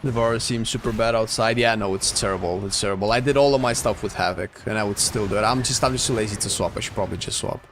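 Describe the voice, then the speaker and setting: A man's voice: on the low side, fast, hardly any pauses, fairly bright tone, slight background noise. A man casually commenting on his gameplay as a streamer, chatty and laid-back, answering his chat. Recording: faint music under the voice. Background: faint game music.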